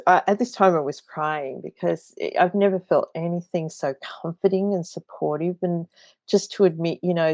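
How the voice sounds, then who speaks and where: An Australian woman in her thirties tells her story earnestly, often stopping to restart her sentences. Her voice sits low and has a gravelly edge. The recording is dry and dull, with little room sound and muted highs. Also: darkish tone, dry recording. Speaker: guest. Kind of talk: recounting a personal experience.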